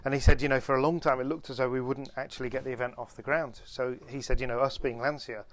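A man co-hosting a podcast, telling stories in a lively way, restarting phrases and building to punchlines. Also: mid-range voice, fast. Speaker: podcast co-host. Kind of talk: anecdotal storytelling chat.

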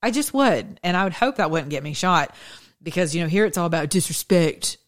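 A woman's voice: lowish voice, lively intonation, brisk. A woman hosting an opinion podcast, talking in a sarcastic, combative way and laughing often. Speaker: podcast host. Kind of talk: opinion monologue.

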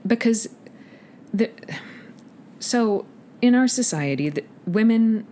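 A woman who narrates audiobooks, with a fairly deep voice for a woman, talking animatedly in an interview and slipping into quick voice demonstrations. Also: animated, warm tone. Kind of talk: conversational interview. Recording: faint background noise.

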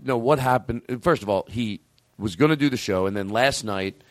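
A man's voice: lowish voice, normal speed, no echo. A man hosting a show in casual chat, rambling, cutting himself off and swearing freely. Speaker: podcast host.

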